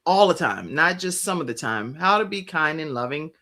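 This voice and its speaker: A woman with a notably low speaking voice hosts a live talk show. She is encouraging, filling her guest's pauses with affirming hums and prompts. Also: animated, sharp tone. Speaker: show host.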